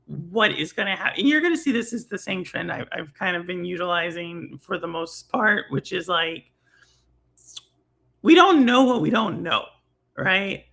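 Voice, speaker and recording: Gravelly-voiced Texan woman host. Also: fairly low pitch, expressive, moderate pace, fairly bright tone. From Houston, Texas. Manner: rambling, filler-heavy, laughs often. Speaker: livestream host. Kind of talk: casual gaming talk stream.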